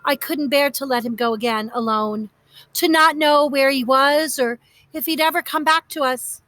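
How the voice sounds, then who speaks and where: A woman's voice: high voice, moderate pace, fairly bright tone, no echo. Woman doing a gushing adventurous old aunt. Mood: fond. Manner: gushing, whooping, fond. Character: excitable adventurous older aunt.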